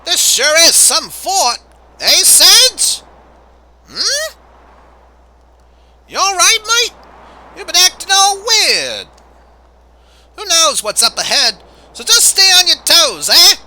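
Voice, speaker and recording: A man voicing a brash young woman adventurer with a put-on Australian accent, loud and cheeky. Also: extremely high pitch, huge pitch swings, slow, pauses often, slight background noise, pitched above the performer's own voice, full character voice. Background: loud game music.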